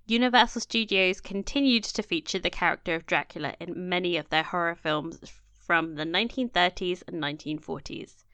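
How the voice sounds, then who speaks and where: A woman's voice: fairly low pitch, brisk, sharp tone, clear, resonant tone, no room sound. A young woman co-hosting a podcast, reading history from notes and breaking into casual jokes and laughter. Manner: reads notes, then jokes and laughs easily. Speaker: podcast co-host. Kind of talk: casual chat mixed with read-out history.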